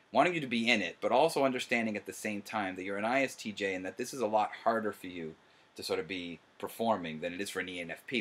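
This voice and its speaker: A middle-aged man hosting a casual commentary chat, excitable and quick to laugh. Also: low voice. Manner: animated, laughs often, excitable. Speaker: host.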